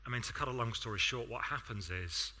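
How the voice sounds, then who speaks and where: A man's voice: mid-range voice, fairly quick, pushed and bright, a little hiss or hum. A man with an English accent preaching a sermon, telling stories in a conversational way with self-deprecating asides.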